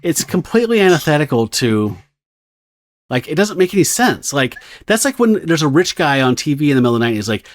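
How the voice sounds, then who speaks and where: A man's voice: on the high side, sing-song, quick pace. A man co-hosting a casual podcast about comics, rambling, swearing freely and breaking off to read lines in silly voices. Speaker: podcast co-host.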